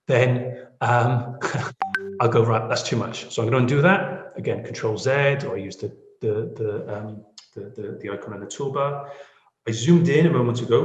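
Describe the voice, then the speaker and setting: A man, teaching audio editing in a chatty, self-deprecating way and often checking in with the listener. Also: mid-range voice. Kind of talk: screen-share editing tutorial. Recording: echoey room.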